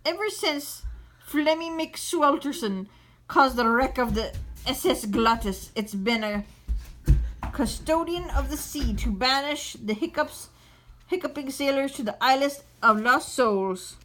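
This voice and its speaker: A woman voicing a gruff older male crab who runs a restaurant and talks like an old sailor. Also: high voice, lively intonation, measured pace, fairly bright tone. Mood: storytelling.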